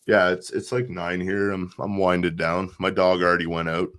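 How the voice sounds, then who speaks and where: A man's voice: sits low, level tone, normal speed, fairly bright tone. A man chatting laid-back as a podcast guest, slangy, calling the host man and dude. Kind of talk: casual livestream chat.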